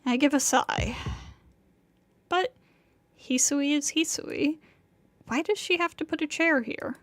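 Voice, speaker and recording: A woman's voice: sits high, slow, no echo. A woman reading the first-person narration of a flustered young male student, bewildered and rambling. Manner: bewildered, rambling inner monologue.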